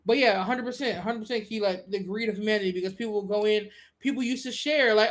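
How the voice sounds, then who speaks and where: A woman hosting a live-stream podcast, talking casually with slangy, profane language and swinging into high, animated rants. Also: quick pace, hardly any pauses.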